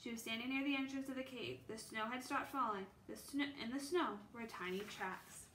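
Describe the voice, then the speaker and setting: A woman with a slightly bright voice on the high side reads a children's book aloud at a moderate pace. She's unrehearsed, with small stumbles and restarts, in an echoey room with faint background noise.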